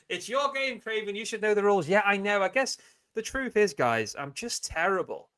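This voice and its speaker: A man's voice: high voice, lively intonation, normal speed, bright, forceful tone. A man hosting a casual livestream, chatting, laughing often and reading viewer comments aloud. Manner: chatty, giggly, reads chat comments aloud. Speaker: livestream host. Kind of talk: casual live-chat stream.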